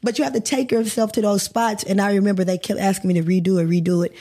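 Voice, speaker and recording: Candid woman, warm low-key tone. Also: fairly even intonation, fast. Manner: emotional, candid storytelling with swearing. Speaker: guest actor. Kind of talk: candid podcast interview.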